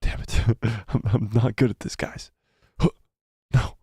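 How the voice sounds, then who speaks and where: A man doing live, casual commentary as he breaks down a trailer, excitable and rambling, with many fillers and repeated words. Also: medium pitch, a little slow, breathy edge, dry recording, studio quality.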